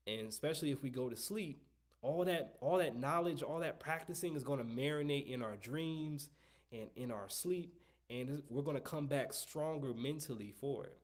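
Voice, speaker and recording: A man's voice: medium pitch, normal speed. Long-winded man teaching trumpet. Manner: long-winded, repeats himself, coaching tone. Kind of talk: live online music lesson.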